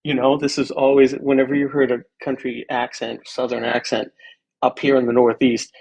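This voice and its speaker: A man's voice: medium pitch, level tone, normal speed, vocal fry, darkish tone, rough recording. A man from the area calling into a stream, telling a story in a rambling, friendly way. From Boston area. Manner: rambling, friendly, lots of fillers. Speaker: caller. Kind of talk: casual call-in chat.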